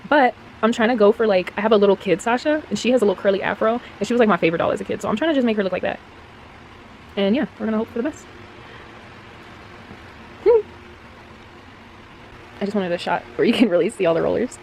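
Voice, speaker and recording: A woman's voice: medium pitch, animated, fast, long pauses, darkish tone, a little hiss or hum. A young woman chatting casually to camera about restoring dolls, rambling and slangy, with lots of laughs. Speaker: doll restoration vlogger.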